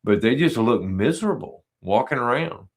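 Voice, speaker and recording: A man's voice: mid-range voice, expressive, moderate pace. A man hosting a podcast interview who tells joking stories in a casual way and often laughs at them. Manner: joking storyteller, laughs at his own stories. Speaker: podcast host.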